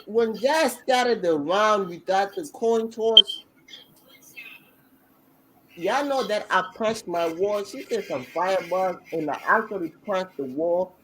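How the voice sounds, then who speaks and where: A man co-hosting a podcast, telling the story in an excitable, slangy way, full of restarts. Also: high-pitched, slight background noise, rough recording. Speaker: podcast co-host. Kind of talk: casual chat recapping a battle rap event.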